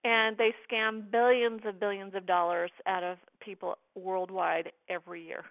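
A woman's voice: mid-range voice, little pitch movement, moderate pace, no room sound. A middle-aged American woman telling a personal story as an interview guest, earnestly acting out the dialogue she quotes. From United States. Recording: tinny phone line.

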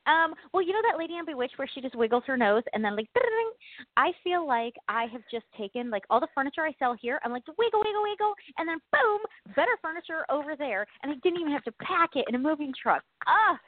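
A woman's voice: sits high, animated, fast talker, dry recording. Bubbly woman on a tinny phone line. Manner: bubbly, laughs often, rambling. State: stressed and exhausted. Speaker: co-host. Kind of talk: casual chat.

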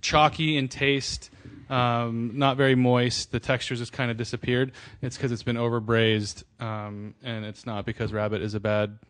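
A man's voice: mid-range voice, little pitch movement, normal speed, fairly bright tone. A man co-hosting a podcast, telling stories in a casual, chatty way with frequent ums and hesitations. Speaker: podcast co-host. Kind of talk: casual chat.

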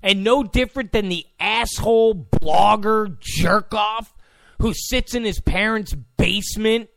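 Brief: male podcast host ranting, high voice with a gravelly edge, slow deliberate pacing, profane and mocking. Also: fairly bright tone, no echo. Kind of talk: ranting monologue.

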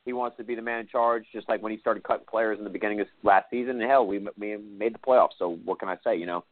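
A man co-hosting a sports talk show, boastful and argumentative, talking fast. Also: fairly low pitch, steady tone, no room sound. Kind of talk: sports radio banter. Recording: tinny phone-like line, dry.

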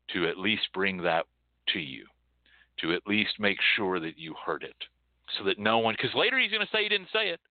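A man hosting a show in an impassioned monologue, swinging from loud outbursts to hushed, near-whispered dread. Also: sits low, no echo. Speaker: show host. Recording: tinny phone-like audio, dry.

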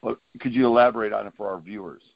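A man hosting a podcast interview, asking quick questions and responding with brief, upbeat affirmations. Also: fairly low pitch, steady tone, vocal fry, no room sound. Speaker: podcast host. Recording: dull lo-fi, dry sound.

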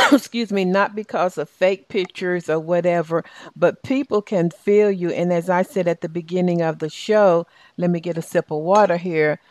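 Slow-talking Southern woman host. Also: on the low side, dry recording. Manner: warm, encouraging, with many restarts and fillers. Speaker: radio show host and life coach. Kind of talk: casual talk show hosting.

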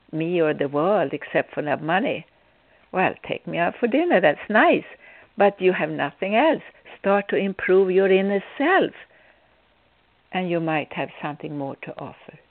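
A woman's voice: lowish voice, no room sound. A woman spiritual healer giving an inspirational talk, telling stories theatrically and with humor. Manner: theatrical, acts out scenes with humor. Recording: tinny phone-like, dry sound.

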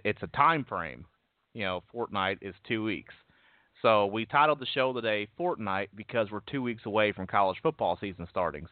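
A man hosting sports talk, with a lowish voice and a stumbling, restarting way of getting his points out. The sound is thin and phone-like, dry and close. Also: no echo. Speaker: sports talk show host. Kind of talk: casual sports radio talk.

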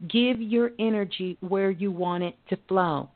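A woman hosting a call-in radio show, giving calm spiritual advice with folksy, chatty asides. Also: mid-range voice, a little slow. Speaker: radio call-in host and psychic medium. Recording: phone-like narrow audio.

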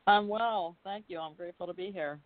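Quiet woman caller on a tinny phone line. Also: fairly low pitch, fairly quick. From Pennsylvania. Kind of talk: phone call-in.

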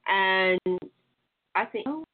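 A woman's voice: mid-range voice, expressive, slow. A woman with a Louisiana accent, chatting loosely as a guest on a call-in show, laughing easily. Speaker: guest, sex educator. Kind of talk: casual chat. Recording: tinny phone line.

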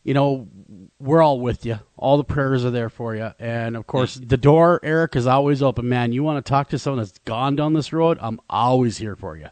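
A man's voice: medium pitch, moderate pace, few pauses, a little mellow, dry recording. A man hosting a radio talk show, supportive, often breaking in with agreement. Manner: supportive, with frequent agreeing interjections. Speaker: radio host.

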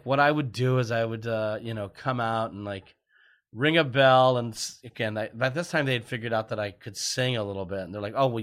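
Man, guest storyteller, chatty, laughs a lot, mid-pitched voice. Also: fairly bright tone, clean tone. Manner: chatty, laughs often, self-deprecating. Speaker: guest, TV writer. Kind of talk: casual storytelling.

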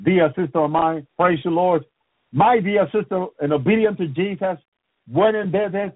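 A man's voice: high-pitched, normal speed, no echo. A man preaching about the end times on a radio program, fervent and repetitive, breaking in often with praises to the Lord. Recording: tinny phone-like radio broadcast.

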